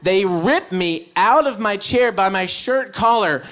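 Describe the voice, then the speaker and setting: High-voiced American man doing stand-up. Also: unhurried. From United States. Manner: animated, acting out scenes with sudden loud outbursts. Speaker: stand-up comedian. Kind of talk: stand-up storytelling. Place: live comedy stage before an audience.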